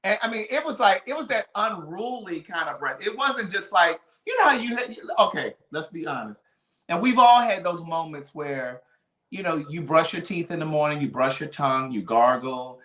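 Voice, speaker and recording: A man's voice: fairly high pitch, lively intonation, normal speed, pushed and bright, reverberant. A man telling a story on a casual live stream. He talks dramatically and piles up vivid adjectives.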